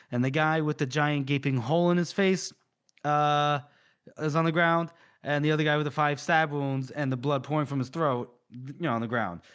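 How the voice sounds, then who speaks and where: Animated higher-voiced man retelling a story. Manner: animated retelling with swearing and laughs. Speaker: podcast co-host. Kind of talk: casual book-discussion chat.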